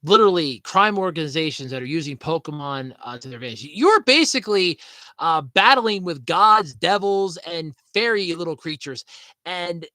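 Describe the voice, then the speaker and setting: A man's voice: a little high, animated, moderate pace, sharp tone, no room sound. A man hosting a podcast in casual, rambling chat, swearing freely and laughing at his own jokes. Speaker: podcast host.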